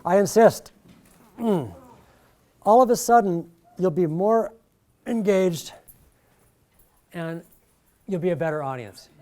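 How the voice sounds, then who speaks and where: A middle-aged man leading a workshop, talking in a jokey, animated way and swinging his pitch and volume a lot. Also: slow pace, long pauses. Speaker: workshop presenter. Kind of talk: lively workshop talk.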